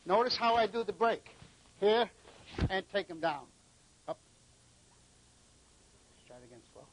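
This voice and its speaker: Martial arts teacher guy from new england, fairly high voice, counts off the moves as he demos. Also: lively intonation, measured pace, a little hiss or hum, poor audio. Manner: coaching, counting out moves, short commands. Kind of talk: live martial arts demonstration.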